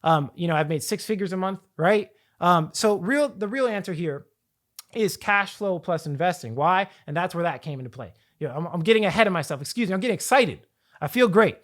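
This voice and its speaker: A man coaching viewers on finance in an energetic, rambling talk to camera, often repeating and restarting his phrases. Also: sits high, a little fast. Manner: energetic, rambling, hype-building. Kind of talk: hyped talk to camera with slides.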